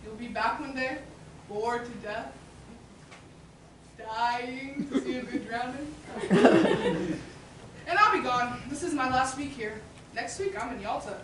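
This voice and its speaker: A sly, wheedling hustler. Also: female voice, sits high, slow pace, long pauses, a bit bright, slight background noise. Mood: proud. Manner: sly, wheedling sales patter. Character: brash hustling woman street performer. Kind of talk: stage play performance. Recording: echoey hall from far off.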